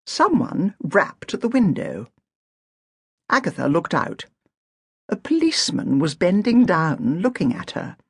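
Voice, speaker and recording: A woman narrating an audiobook in a measured, dry storytelling manner on a close studio mic. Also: fairly low pitch, sing-song, vocal fry, husky, no echo. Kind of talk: scripted narration.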